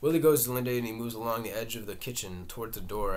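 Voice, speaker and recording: A man reading a play's stage directions aloud, halting now and then. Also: mid-range voice, a little mellow. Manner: halting, with fillers and restarts. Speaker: reader.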